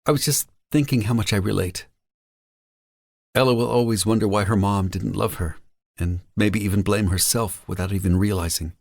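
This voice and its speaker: Man voicing a gentle, earnest young woman. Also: fairly low pitch, normal speed, vocal fry, no echo, clean studio sound, pitched above the performer's own voice. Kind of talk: audiobook character voice.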